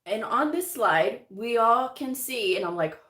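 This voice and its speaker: A woman's voice: a little high, expressive, measured pace, sharp tone. A middle-aged woman hosting a casual storytelling livestream about medical coding, chatting, laughing often and acting out what others said. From United States. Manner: chatty, laughs often, acts out quotes in voices. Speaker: medical coding educator and channel host. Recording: echoey room.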